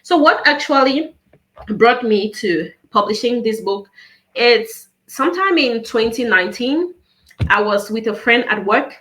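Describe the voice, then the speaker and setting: A woman's voice: on the high side, measured pace. A woman from Cameroon, likely in her thirties, telling her story earnestly as an interview guest. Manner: earnest, storytelling with animated quoted dialogue.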